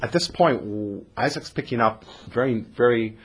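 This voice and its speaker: A man teaching a text study class in a lively conversational way, putting questions to the students in the room. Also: medium pitch, moderate pace, husky.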